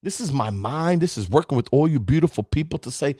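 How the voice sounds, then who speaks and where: A man's voice: on the high side, expressive, fairly quick, hardly any pauses, a little mellow, husky, no echo, studio quality. A man, giving an emphatic, preachy motivational talk as a podcast host and speaking straight to his listeners. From Brooklyn, New York. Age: 50s.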